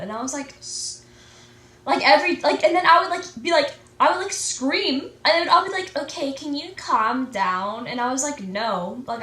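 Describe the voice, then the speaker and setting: A woman's voice: high-pitched, a bit bright, far from the mic. A teenage girl in casual chat, rambling and saying "like" constantly as she complains. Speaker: co-host. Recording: echoey room from off-mic.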